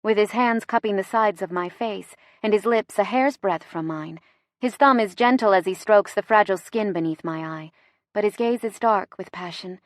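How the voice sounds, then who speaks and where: A woman narrating a first-person romance audiobook in an expressive, playful way. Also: mid-range voice, normal speed, no room sound, clean studio sound.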